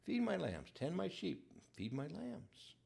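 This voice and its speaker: A man voicing a steady, forgiving male master who speaks in a calm, reassuring way. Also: high-pitched, a little slow, creaky, voice pushed up, heavily acted.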